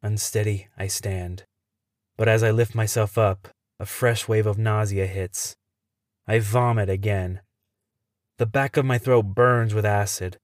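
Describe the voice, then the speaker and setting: Low-voiced man narrating a tense story. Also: fairly even intonation, unhurried, no room sound, studio quality. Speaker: podcast host and storyteller. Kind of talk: dramatic first-person story narration.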